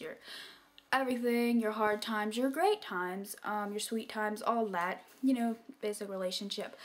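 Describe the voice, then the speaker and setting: A young woman telling a personal story to her camera, chatty and full of filler words, dropping into soft whispers when she quotes people. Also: mid-range voice. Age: young adult. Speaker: vlogger. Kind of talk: casual storytime vlog.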